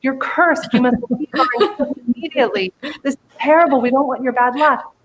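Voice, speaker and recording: A woman's voice: sits high, a little fast, close to an everyday voice, poor audio. A woman voicing a panicked male cannibal cook who screams in alarm during a told story.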